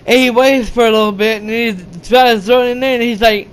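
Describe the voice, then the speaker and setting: A man retelling a movie's plot in a rambling, halting way, full of fillers, restarts and swearing, acting out the characters' lines. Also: very high voice, steady tone, clear, resonant tone. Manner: rambling, halting, many fillers and restarts, profane, acts out quotes. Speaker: movie reviewer. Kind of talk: rambling casual movie recap.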